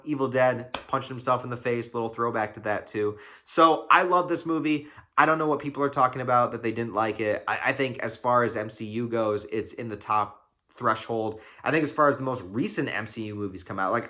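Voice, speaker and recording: A young man giving a casual, excited movie review, rambling with fillers and swearing freely. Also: mid-range voice.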